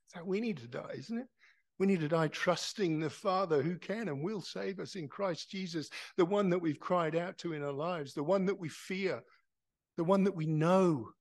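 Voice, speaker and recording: A man preaching a sermon in church. He is impassioned, asks rhetorical questions and builds to loud, emphatic peaks. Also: high-pitched, normal speed. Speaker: pastor.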